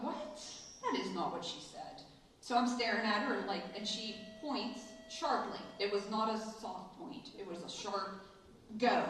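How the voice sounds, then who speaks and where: A middle-aged woman tells a story at a school ceremony, and her voice carries from some distance in a very echoey hall. She speaks at a mid pitch and brightens into animated quoted asides. A faint hum of room ambience sits underneath. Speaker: school administrator giving a speech. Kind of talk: ceremony speech, personal story. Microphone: distant from the mic.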